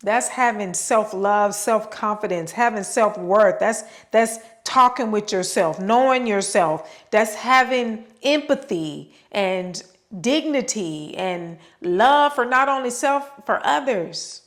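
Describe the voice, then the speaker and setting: A woman's voice: mid-range voice, expressive, takes it slowly, few pauses. Emphatic woman preaching self-love. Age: adult with children. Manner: emphatic, repeats words for stress, drags her words; preachy, direct address to listener. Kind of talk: unscripted motivational talk.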